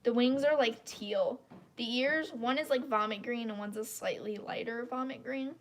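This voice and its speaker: A woman with a slightly high voice rants bluntly on a live stream. She rambles from point to point and airs her opinions without holding back. Her voice sounds congested, as if her throat is clogged. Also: moderate pace, a little hiss or hum. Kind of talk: casual live-stream rant.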